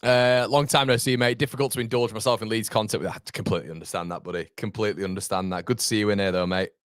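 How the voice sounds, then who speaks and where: A man in his thirties hosting a live football watchalong, chatting with viewers in an animated, rambling way that jumps between laughter and fed-up rants. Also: lowish voice, fast, clear, resonant tone, no room sound, clean studio sound. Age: 30s. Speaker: fan channel host.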